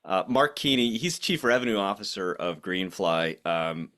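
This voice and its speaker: Low-voiced playful podcast host, man. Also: lively intonation, normal speed, bright, forceful tone. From Boston area, USA. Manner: playful, teasing. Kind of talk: casual podcast interview.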